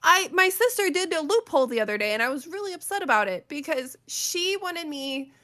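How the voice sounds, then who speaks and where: A chatty female podcast co-host, giggly and loose with her fillers. Her voice is bright and sharp, sitting a little high. She speaks in easygoing casual chat. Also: big pitch swings, brisk.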